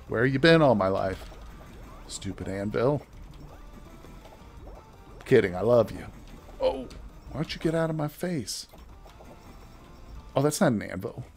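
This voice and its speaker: A man's voice: fairly low pitch, vocal fry, a little mellow. A man giving casual, chatty gameplay commentary as a let's play host, joking with his viewers as he plays.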